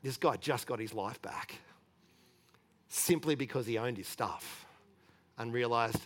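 Male pastor, middle-aged, relaxed conversational sermon, candid and chatty. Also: medium pitch, measured pace, pauses often. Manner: chatty and candid, with frequent restarts and light laughter.

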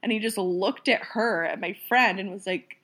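A woman's voice: mid-range voice, moderate pace, fairly bright tone. A young woman casually telling a story in a podcast chat, giggly and full of "like"s.

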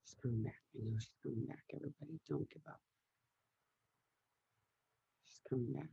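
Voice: medium pitch, brisk, vocal fry, warm tone, slightly rough. A host joking and filling time during a dropped call. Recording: dull lo-fi call audio.

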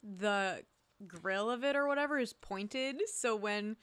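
A woman's voice: mid-range voice, slow, fairly bright tone, clear, resonant tone, no room sound. A young woman co-hosting a podcast, casually chiming in on a movie recap with blunt, profane remarks. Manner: interjecting, blunt, swears a lot. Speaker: podcast co-host.

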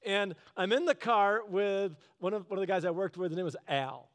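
A man's voice: sits high, normal speed. A man preaching a casual, conversational sermon, telling stories in an earnest, chatty way. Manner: earnest, chatty storytelling with laughs.

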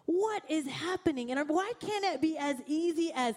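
A woman's voice: high voice, moderate pace, hardly any pauses. A young woman preaching a sermon, telling a personal story and acting out her own panicked thoughts. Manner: animated, acts out her own panicked quotes. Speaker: pastor.

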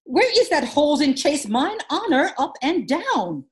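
An outraged noblewoman mother from a stage play, read by a woman, in a high voice that leaps widely. She speaks slowly and commandingly. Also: very animated. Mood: indignant. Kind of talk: Shakespeare scene reading.

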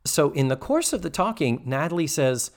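Male podcast co-host, lively sitcom recap, swings wide in pitch, salty. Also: moderate pace. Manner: animated, acts out quotes, swears freely. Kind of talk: casual chat recapping a sitcom episode.

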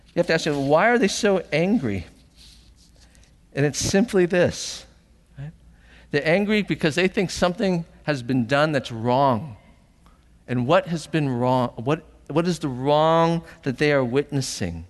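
Middle-aged male pastor, lively animated sermon delivery, slightly high voice, long church-hall reverb. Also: slow pace, pauses often. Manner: animated storytelling, acting out voices with big pitch jumps.

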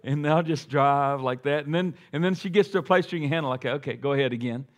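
A middle-aged man preaching a sermon to a church congregation, talking conversationally and swelling to loud, emphatic peaks, with joking asides. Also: mid-range voice, fast. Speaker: pastor. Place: church sanctuary before a congregation.

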